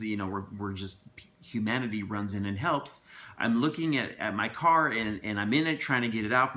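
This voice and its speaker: A man's voice: on the low side, sharp tone. A man telling a personal story to camera in a casual, rambling and earnest way, with many restarts and asides.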